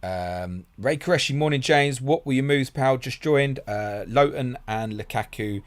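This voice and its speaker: A man hosting a casual live stream, reading out viewer questions and answering bluntly with swearing and laughs. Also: mid-range voice. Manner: blunt, swearing, laughs often, reads comments aloud quickly. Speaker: host of a fantasy football stream.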